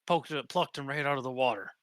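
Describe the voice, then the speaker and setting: A man's voice: mid-range voice, quick pace, a bit bright, clear, resonant tone, no echo, lightly acted. A man voicing a weary homesick sailor. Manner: wary, plain-spoken, calls others buddy and friend. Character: weary homesick male sailor, former crew.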